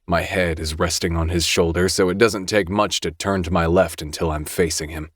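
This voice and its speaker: A man with a very deep, low voice reads a first-person audiobook in a measured, introspective way. The sound is dry and close, with no room around it. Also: fairly even intonation, a bit bright, slightly rough, dry recording. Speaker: audiobook narrator.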